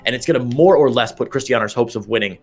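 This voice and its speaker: A man's voice: medium pitch, quick pace. A man giving chatty, playful play-by-play commentary on a strategy game match, with frequent restarts. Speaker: esports caster.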